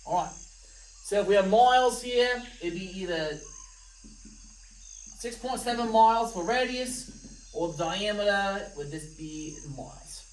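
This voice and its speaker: Animated but a little slow, pausing often, a female math teacher reviews test problems and tosses jokey asides to her students. Her pitch is ordinary, and this recorded lesson catches her from a distance in an echoey, roomy space.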